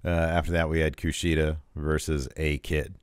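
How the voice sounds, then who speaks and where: A man co-hosting a wrestling podcast in casual chat, lively and joking, often jumping up into a higher voice. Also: normal speed, smooth, dry recording.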